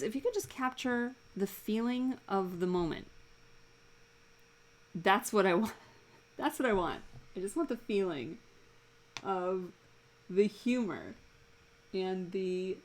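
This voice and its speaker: A woman cartoonist draws live at her home desk and chats casually with her stream, amused, rambling and laughing often. Her voice is medium-pitched with vocal fry, and the recording quality is low.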